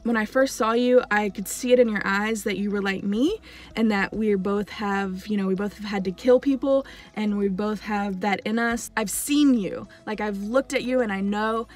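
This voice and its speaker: A woman quoting a calm, unhinged young woman confessing in an intimate, matter-of-fact tone. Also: mid-range voice, normal speed, lightly acted. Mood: confiding.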